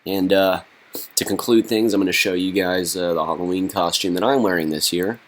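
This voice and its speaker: A young man delivering a deadpan comedy monologue, halting and full of fillers. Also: sits low. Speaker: comedy vlogger.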